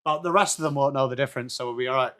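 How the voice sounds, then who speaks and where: A man's voice: mid-range voice, racing, sharp tone, clean tone. An English man hosting a live football watchalong stream, chatting casually and greeting viewers by name with jokey asides. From England.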